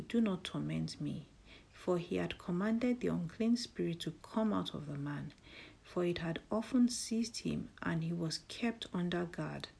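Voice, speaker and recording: A woman with a low, gravelly voice leads a devotional, praying and reading scripture. Her soft delivery keeps slipping into a breathy half-whisper. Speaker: devotional host.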